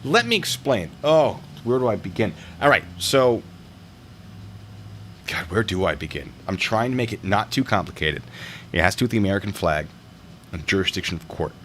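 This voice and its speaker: A man's voice: lowish voice, very animated, moderate pace, fairly bright tone, a little hiss or hum. A man hosting a video review show, talking casually and wandering into jokey tangents. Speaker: host reviewing traffic stop videos.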